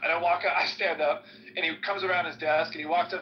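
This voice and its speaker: A man's voice: high-pitched, fairly even intonation, muffled recording. A man who is a Marine veteran, telling a story in casual chat with frequent swearing. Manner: profane, fast, chatty.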